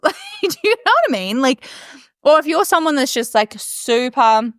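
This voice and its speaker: A young woman hosting a casual solo podcast, talking fast and chatty, laughing often and swearing casually. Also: sits high, sing-song, a bit bright, dry recording, clean studio sound. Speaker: podcast host. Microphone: podcast mic.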